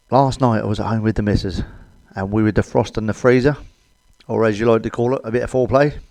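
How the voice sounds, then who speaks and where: A man's voice: medium pitch, vocal fry, a little mellow, no room sound. A middle-aged British man doing a crude stand-up comedy monologue, blunt and cheeky, swearing often. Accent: British English.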